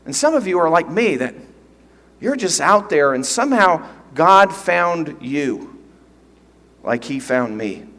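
A man's voice: on the high side, very animated, slow, fairly bright tone. A man preaching a sermon as pastor, teaching earnestly and emphatically, often repeating phrases. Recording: long reverb of a large hall.

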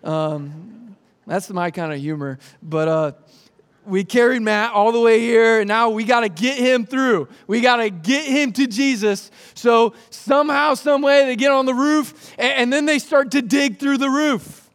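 A man's voice: very high-pitched, a little slow, a bit bright, smooth. A man preaching a sermon, retelling a scripture story with jokes and acted-out voices. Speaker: pastor.

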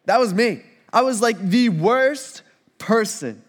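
A pastor voicing the apostle Paul as a man looking back and loudly boasting of having been the worst sinner. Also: very high voice, lively intonation, slow, voice pushed up, exaggerated voice. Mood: boastful. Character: boastful repentant apostle recalling his past, male.

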